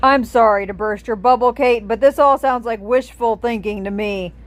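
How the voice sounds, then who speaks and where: A woman's voice: a little high, moderate pace, natural voice. A woman reading aloud, voicing a skeptical, blunt male dwarf with a dry, dismissive manner.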